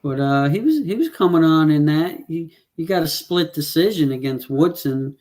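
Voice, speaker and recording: A man's voice: on the high side, expressive, normal speed, darkish tone. A man co-hosting a casual fight predictions show, rambling through stats and checking numbers aloud with plenty of fillers. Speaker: podcast co-host.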